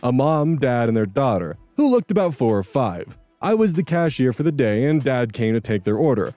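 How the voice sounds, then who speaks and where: A man's voice: medium pitch, very animated, moderate pace, mellow, dry recording, faint music behind. A man hosting a channel where he reads out Reddit posts and adds earnest, reflective commentary. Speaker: host reading Reddit posts. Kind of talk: narrating and commenting on Reddit stories.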